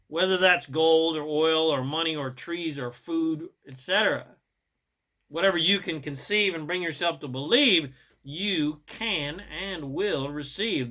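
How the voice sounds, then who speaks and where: A man giving a motivational self-help monologue, emphatic and preachy, swinging between loud bursts and soft asides. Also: on the high side.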